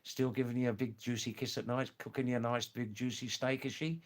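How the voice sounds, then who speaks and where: A matey, cheeky Australian bloke with a broad, nasal drawl, as a man puts him on. He ribs a workmate in a slow, friendly way, with a voice sitting at an everyday middle pitch. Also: little pitch movement, close to an everyday voice. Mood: matey teasing. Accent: broad Australian, put on. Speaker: live stream host.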